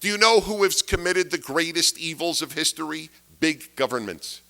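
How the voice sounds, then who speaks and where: A man's voice: on the high side, lively intonation, moderate pace, vocal fry, sharp tone. A man giving a political lecture to an audience, emphatic and fond of rhetorical questions, repeating key phrases for weight. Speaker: speaker giving a talk.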